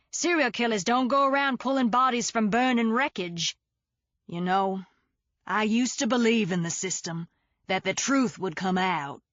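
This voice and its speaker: A woman doing a honey-smooth Southern mother. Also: mid-range voice, a bit bright, no echo, muffled recording, lightly acted. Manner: slow, pleading, emphatic. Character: insistent mother with a Southern accent.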